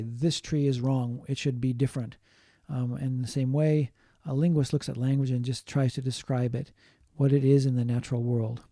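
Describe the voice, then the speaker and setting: A man giving a linguistics lecture, explaining slowly, repeating key points and adding short Japanese glosses. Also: mid-range voice, dark tone, dry recording, studio quality. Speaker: linguistics teacher. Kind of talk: online lecture.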